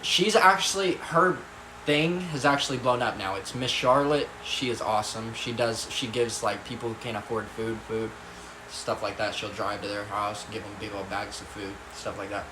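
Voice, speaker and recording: A man's voice: fairly low pitch, steady tone, normal speed, noisy background. A young man telling a story casually, with lots of swearing and rambling asides. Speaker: vlogger. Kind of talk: storytime vlog. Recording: echoey room, faint ambience.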